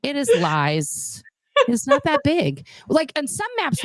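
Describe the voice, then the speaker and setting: A woman chatting as a guest on a livestream, animated and reading viewer comments aloud. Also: high voice, unhurried, no echo. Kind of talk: casual livestream chat.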